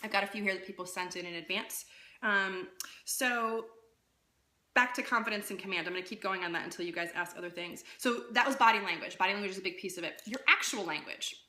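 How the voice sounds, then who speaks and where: A woman coaching public speaking in a casual live-streamed talk, lively and conversational, often checking in with "right?". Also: mid-range voice, fast, reverberant. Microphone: phone.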